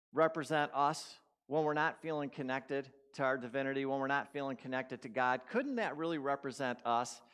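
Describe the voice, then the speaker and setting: A man giving a sermon in a church, telling a story conversationally and putting questions to the congregation. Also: mid-range voice. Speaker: guest speaker at a spiritual community.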